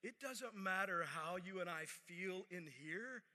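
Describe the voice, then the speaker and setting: Pastor guy preaching, high bright voice, chatty, goes real quiet to make a point, reverby room. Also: unhurried. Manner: conversational, repeats phrases, drops to a hush for emphasis. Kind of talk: sermon. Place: church service.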